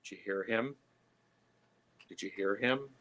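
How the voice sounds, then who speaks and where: A man hosting a live tarot stream, chatting casually with lots of fillers and pauses. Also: lowish voice, a bit bright, slight background noise. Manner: chatty, halting, many fillers.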